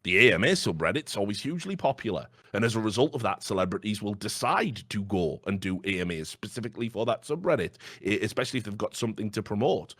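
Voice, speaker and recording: A man's voice: fairly low pitch, expressive, quick pace, few pauses, a bit bright, no echo, clean studio sound. A man in casual chat, blunt and sweary, telling stories with animation.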